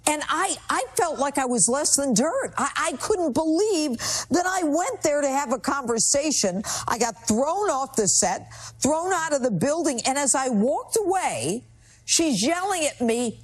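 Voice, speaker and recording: A woman's voice: sits high, expressive, moderate pace. A woman guest in a TV news interview, telling her story in an indignant, emphatic way. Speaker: TV guest, former judge.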